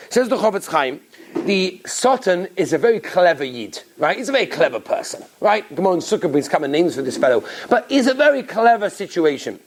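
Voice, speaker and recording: A man, a rabbi, giving an animated Torah lecture, acting out little voices and laughing often. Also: high voice.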